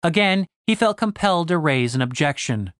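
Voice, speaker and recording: A man reading a fantasy novel aloud in a steady storytelling voice. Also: fairly high pitch, moderate pace, clean tone, no echo, studio quality. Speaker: audiobook narrator. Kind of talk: scripted fantasy narration.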